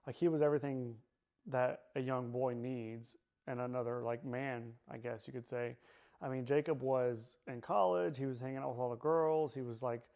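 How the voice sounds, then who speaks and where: A man tells his own story in steady, even tones with little rise or fall. His speech is halting, with restarts, repeated phrases and frequent fillers as he works through what happened, and it sounds like a personal testimony. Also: medium pitch, vocal fry, muffled recording.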